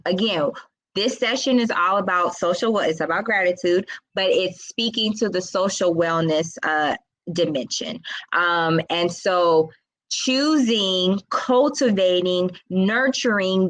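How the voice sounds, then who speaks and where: A woman talking slowly and thoughtfully to her viewers in a live session. Her voice sits at a medium pitch and sounds close and dry. She chats casually, with many fillers. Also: fairly bright tone, no room sound, muffled recording. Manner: slow, reflective, with many fillers and asides to viewers. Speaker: wellness session host. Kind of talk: casual live-stream talk.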